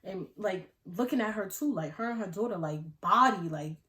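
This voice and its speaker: A young adult woman vlogger telling a casual storytime in an animated, slangy way, often breaking into laughs. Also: medium pitch, moderate pace. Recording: roomy echo.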